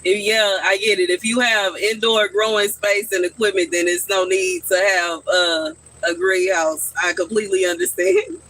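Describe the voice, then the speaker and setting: A man's voice: sits high, moderate pace, pushed and bright, low-quality recording. A man chatting casually on a live stream from his backyard garden, answering his viewers' questions.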